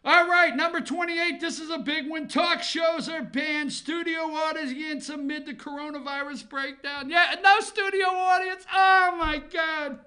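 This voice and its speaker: High, bright-voiced sarcastic man. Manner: sarcastic, rambling, profane. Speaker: comedy news host. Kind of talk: comic headline countdown. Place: office.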